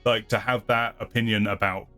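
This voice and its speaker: A man's voice: on the low side, level tone, normal speed, pushed and bright, faint music behind. A man hosting his channel who chats casually through viewer comments, rambling, hedging and often laughing at himself. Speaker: channel host.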